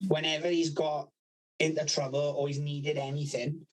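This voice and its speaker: A man's voice: fairly high pitch, level tone, moderate pace, rough recording. A man telling a long funny story in casual chat, swearing constantly and laughing at his own tales. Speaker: podcast co-host.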